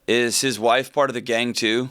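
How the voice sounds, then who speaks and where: A man's voice: medium pitch, fairly even intonation, moderate pace, clear, resonant tone, dry recording. Reassuring male advice show host. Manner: warm, reassuring, conversational. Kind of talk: call-in advice talk.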